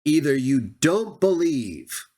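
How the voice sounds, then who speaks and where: A man delivering argumentative scripture commentary at a slow, deliberate pace. He speaks straight at his opponents with a sarcastic, combative edge. He draws out the verses he reads aloud for emphasis. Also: on the high side, very animated, dark tone. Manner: drawn-out emphatic reading of verses. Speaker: Bible teacher and channel host.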